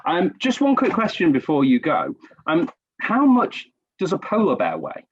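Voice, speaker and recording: A man's voice: a little high, wildly swooping pitch, moderate pace, a little hiss or hum. A man telling stories in a casual podcast chat, self-deprecating and chatty. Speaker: podcast guest. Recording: dull lo-fi recording.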